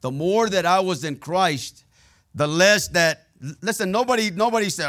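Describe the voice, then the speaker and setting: A man's voice: sits high, moderate pace, a bit bright. A man preaching a sermon, telling personal stories in a candid, plainspoken way and checking in with the congregation as he goes. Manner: conversational preaching with call-and-response asides.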